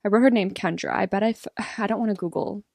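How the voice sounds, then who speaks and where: A young woman reacting to a TV episode, excitable and rambling as she thinks out loud. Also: mid-range voice, fast talker, creaky, no room sound, clean studio sound. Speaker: reaction vlogger.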